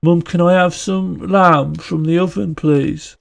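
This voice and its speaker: A man putting on a Birmingham-accented young boy who pleads with his mum for food in a slow, drawn-out whine. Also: a little high, steady tone, vocal fry, voice pushed up. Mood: pleading. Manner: pleading, stretches words slowly.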